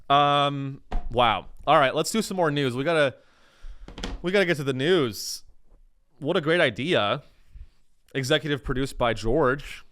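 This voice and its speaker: A man's voice: mid-range voice, a bit bright, smooth. Young adult male podcast host, rambling comedic riffer, swears freely, mid-range voice. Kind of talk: casual comedic monologue.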